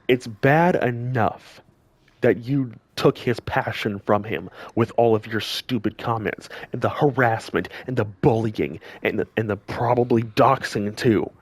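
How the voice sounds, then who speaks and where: Guy angrily scolding his viewers, slow and deliberate, dry close sound. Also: medium pitch, no echo. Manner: scolding, heated, repeats himself for emphasis. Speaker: gaming channel commentator. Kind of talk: angry direct-to-camera rant.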